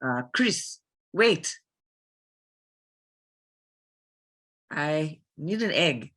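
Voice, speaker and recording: This is a slow, bright-edged, low-register West African woman soldier with an accent laid on thick, as a woman puts her on. She sounds older, and every word is deliberately over the top. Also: animated, exaggerated voice. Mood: playful. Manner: deliberately exaggerated heavy accent.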